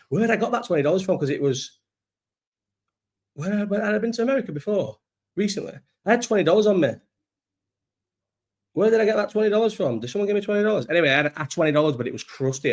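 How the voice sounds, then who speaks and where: A young man, chatting casually and rambling on a live stream, swearing and laughing often. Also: fairly high pitch. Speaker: livestream host. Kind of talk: casual chat reading live chat.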